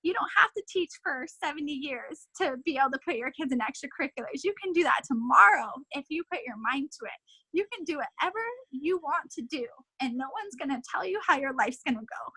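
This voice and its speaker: A woman's voice: high-pitched, lively intonation, brisk, bright, forceful tone, no echo, low-quality recording. A woman team leader giving an emotional, impassioned motivational pep talk over a video call, repeating her points for emphasis. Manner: emotional, impassioned, repetitive exhortations.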